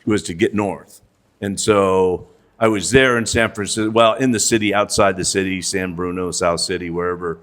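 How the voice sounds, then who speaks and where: A man's voice: deep voice, steady tone, moderate pace, fairly bright tone. A man in his sixties, a podcast guest, telling an old story in a hesitant way and repeating short agreements. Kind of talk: casual storytelling chat.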